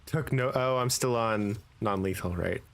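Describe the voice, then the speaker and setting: Man, lowish voice, casual gaming commentary, hesitant, trails off. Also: normal speed, fairly bright tone. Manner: musing aloud, hesitant, trailing off. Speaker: gamer. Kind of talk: casual let's-play commentary.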